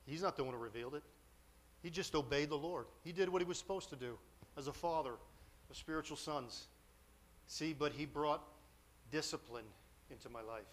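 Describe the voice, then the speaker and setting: A man's voice: on the high side, normal speed, a bit bright. A man preaching a storytelling sermon, confessional and emotional, with self-deprecating humor.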